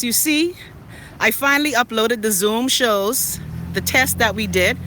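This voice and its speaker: A woman's voice: fairly high pitch, bright, forceful tone. Sassy Bahamian woman walking through traffic. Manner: chatty, sassy, playful. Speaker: vlogger. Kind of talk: casual live-stream chat while walking. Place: city street outdoors, walking. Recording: street traffic noise behind. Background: traffic noise.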